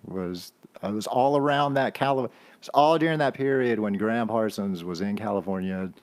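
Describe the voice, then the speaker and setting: A man talking as a podcast guest in a relaxed chat. He rambles with enthusiasm and keeps saying "man" and "you know". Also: on the low side, normal speed. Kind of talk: casual chat.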